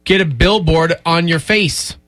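A man's voice: on the high side, a bit bright, no room sound, clean studio sound. A young man co-hosting a morning radio show, joking and teasing in casual banter, with a stuffy nose. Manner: joking, teasing, quick comebacks.

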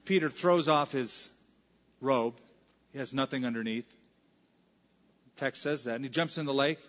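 A man's voice: mid-range voice, moderate pace, fairly bright tone. A male pastor preaching a sermon in a conversational way, now and then acting out the lines of scripture. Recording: reverberant hall, dull lo-fi sound.

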